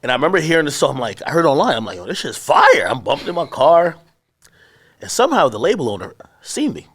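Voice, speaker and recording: Animated, profane man telling a story. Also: a little high, breathy edge. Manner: profane, rambling, quick anecdotal storytelling. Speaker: interview guest, media personality. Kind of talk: casual storytelling interview.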